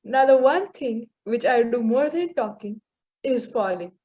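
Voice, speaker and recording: A woman's voice: fairly high pitch, lively intonation, unhurried, dark tone. A teenage girl, co-hosting a podcast and chatting casually as she starts her own story. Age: teens. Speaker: podcast co-host.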